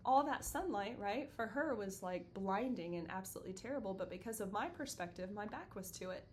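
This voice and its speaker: A middle-aged woman counselor talking through therapy concepts in a relaxed, chatty way. She tells stories with animation and plays out the voices of the people in them. Faint noise and a low rumble sit under her voice. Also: fairly quick. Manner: animated storyteller acting out quoted voices. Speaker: counselor and podcast co-host. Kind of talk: casual explanatory chat.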